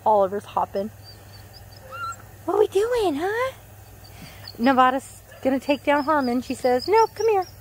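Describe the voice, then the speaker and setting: A woman outdoors talking to puppies in a high, sing-song baby-talk voice. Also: sing-song, a little slow, long pauses, a little hiss or hum. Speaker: dog owner filming puppies. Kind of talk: casual chat to puppies. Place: outdoors in a yard.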